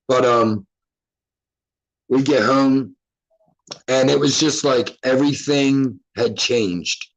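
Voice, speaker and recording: A man hosts his own show and tells a long personal story in a casual, rambling way. He curses freely and breaks off his sentences to start again. His voice sits at an ordinary middle pitch for a man. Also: takes it slowly, long pauses, poor audio. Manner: loose, rambling, profane and self-interrupting. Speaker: podcast host.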